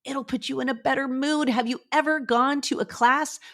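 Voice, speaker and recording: A woman's voice: sits high, moderate pace. Upbeat chatty woman podcast host. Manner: upbeat, chatty, animated, addresses listeners directly. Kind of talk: motivational solo podcast. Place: her office.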